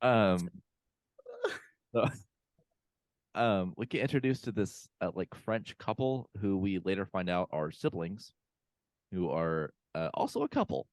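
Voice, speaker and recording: A man's voice: low-pitched, expressive, slow pace, pauses often, darkish tone, no room sound. A man co-hosting a podcast, casually recapping a movie with lots of fillers and quoted lines. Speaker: podcast co-host. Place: home room, remote call.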